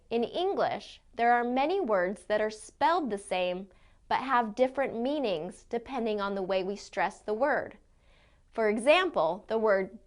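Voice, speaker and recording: Clear-spoken woman pronunciation teacher. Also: on the high side. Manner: clear, deliberate modeling of sounds. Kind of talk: scripted lesson narration.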